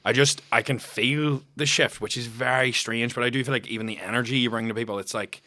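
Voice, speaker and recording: A man's voice: mid-range voice, fairly even intonation, a little fast, pushed and bright, dry recording, studio quality. A man talking as a guest on a casual podcast, reflective but sweary. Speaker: podcast guest, former firefighter.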